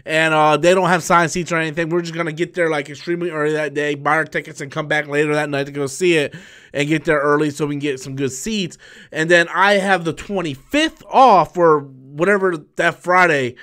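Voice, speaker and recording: A YouTube host in his thirties runs a live stream while tired after a long work shift, his voice a little high and brisk. He answers viewer messages excitably, rambling and restarting his sentences often.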